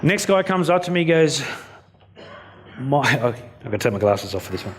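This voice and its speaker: A man's voice: medium pitch, sing-song, moderate pace, a little hiss or hum. Blunt Australian man telling stories. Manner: blunt, self-mocking, acts out quotes. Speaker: keynote speaker. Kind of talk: storytelling keynote speech. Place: conference venue before an audience.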